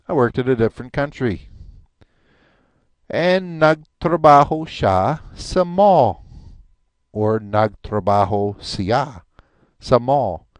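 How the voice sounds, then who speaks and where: Patient, lively male language teacher. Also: medium pitch, smooth, no echo. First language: English. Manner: patient, repeats each word slowly, chatty asides. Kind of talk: recorded language lesson.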